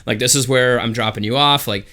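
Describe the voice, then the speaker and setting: Bright-voiced young man telling a wild story. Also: mid-range voice, a little fast. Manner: profane, animated retelling with quoted voices. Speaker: podcast co-host. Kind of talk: casual storytelling chat.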